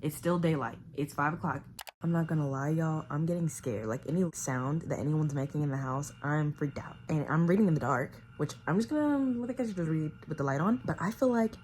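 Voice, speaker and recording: A young woman talks through a thriller she just read in a chatty, animated home vlog. Now and then she drops into a hushed whisper. A faint hiss sits under her voice. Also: low-pitched, fairly quick. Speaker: book vlogger. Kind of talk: casual chat reviewing a thriller. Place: home living room.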